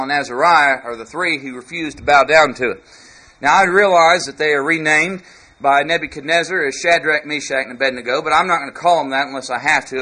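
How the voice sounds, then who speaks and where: A man's voice: high-pitched, pushed and bright, poor audio. A man preaching a sermon, building his points with rising, emphatic questions to the congregation.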